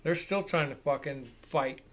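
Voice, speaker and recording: A man hosting a live football reaction show, giving excitable, profane play-by-play commentary. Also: a little high, measured pace. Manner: excitable and profane, swears freely.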